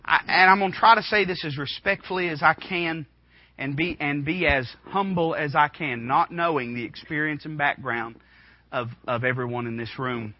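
Young male preacher in his twenties, impassioned sermon; slightly high voice, dull lo-fi church recording. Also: normal speed, dry recording. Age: 20s. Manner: impassioned, swings from hushed to shouting. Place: church room.

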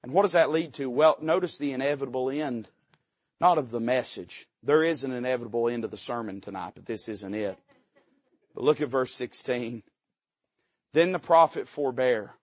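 A man preaching a sermon, folksy and joking, with loud emphatic rises. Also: mid-range voice, a little fast, no room sound, dull audio.

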